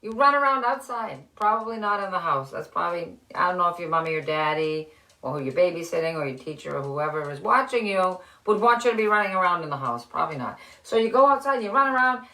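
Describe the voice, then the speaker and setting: A middle-aged woman hosting a children's reading show, speaking gently and encouragingly to young kids as she reads a story and leads simple exercises. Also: lowish voice, animated, fast, reverberant. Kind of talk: reading aloud and leading kids' activities. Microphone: live-stream camera.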